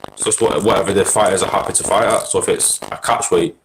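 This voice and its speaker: A man's voice: low-pitched, steady tone, quick pace, a little hiss or hum, low-quality recording. A man chatting casually on a podcast, telling stories with frequent laughs and fillers. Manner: laid-back storytelling, frequent laughs and fillers. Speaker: podcast co-host. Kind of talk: casual chat about MMA.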